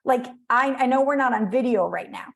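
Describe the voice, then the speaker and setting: Woman on a podcast, kinda high voice, chatty, lots of "like" and "you know", does little voices. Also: brisk, vocal fry. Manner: animated storytelling, acts out voices, many fillers. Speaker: podcast guest. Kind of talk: conversational podcast interview.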